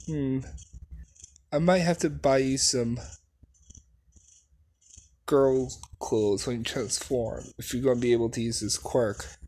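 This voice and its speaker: A man voicing a gentle, caring middle-aged mother in a homemade fan story, speaking softly and encouragingly. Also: mid-range voice, steady tone, slow pace, long pauses. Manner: soft, encouraging.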